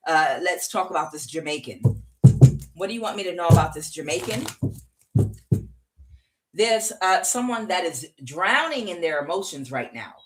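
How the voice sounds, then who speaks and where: A woman's voice: on the low side, fairly bright tone. A woman giving a casual tarot reading, chatty and rambling, with frequent fillers and laughter. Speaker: tarot reader.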